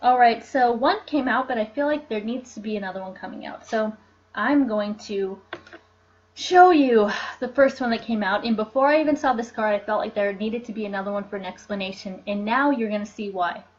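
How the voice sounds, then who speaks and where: A woman hosts a live oracle card reading in a bright, somewhat high voice. She talks in a bubbly, chatty way and laughs easily. The stream audio sounds dull and lo-fi. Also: brisk. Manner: bubbly, chatty, laughs often, reads viewer comments aloud.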